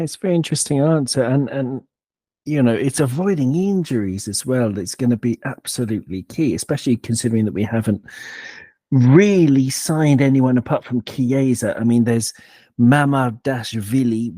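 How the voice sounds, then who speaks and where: A man hosting a football podcast, talking in a playful, digressive, animated way. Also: medium pitch, moderate pace, no room sound, studio quality. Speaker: podcast host. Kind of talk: casual football chat.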